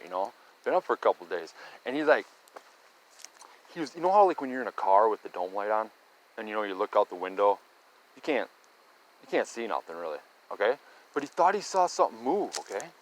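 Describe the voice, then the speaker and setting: In poor audio, a mid-range male voice belongs to a middle-aged storyteller recounting things seen locally. He rambles casually, restarts a lot, and ends phrases with "right?" or "okay?".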